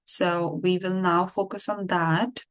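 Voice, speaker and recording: A woman's voice: lowish voice, steady tone, slow pace. A woman English teacher explaining things in a casual online lesson, talking with fillers and restarts. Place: online class with screen sharing.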